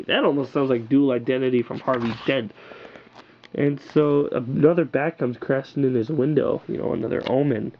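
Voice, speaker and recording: A man's voice: mid-range voice, normal speed, creaky, dull audio, a little hiss or hum. A man reviewing comic books on camera in a loose, rambling, enthusiastic way, full of filler words. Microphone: built-in camera mic.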